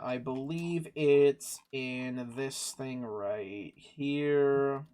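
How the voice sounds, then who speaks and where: A man's voice: medium pitch, extremely slow, mellow, clear, resonant tone. A man narrating as game master of a tabletop game, rambling and laughing at himself. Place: home recording for a livestream.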